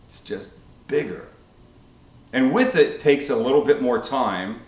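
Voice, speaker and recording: This is a man from Canada hosting a casual live-stream cooking Q&A, chatty and animated with the odd curse thrown in. His middle-range voice rings around a roomy space. The recording has a dull, lo-fi sound. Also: mid-range voice, unhurried. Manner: animated, swearing, chatty storytelling. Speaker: cooking show host.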